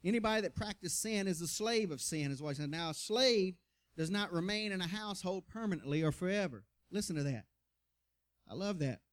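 A man with a notably high voice delivers a sermon. He reads scripture aloud and then explains it in casual, folksy language. He keeps dropping amens to the congregation between thoughts. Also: lively intonation, a little fast. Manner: colloquial, folksy asides between readings. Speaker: pastor.

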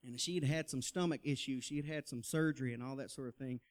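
A man's voice: medium pitch, fairly even intonation, quick pace. Folksy preacher man. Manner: folksy storytelling, laughs often, calls to the crowd. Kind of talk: personal testimony, sermon style.

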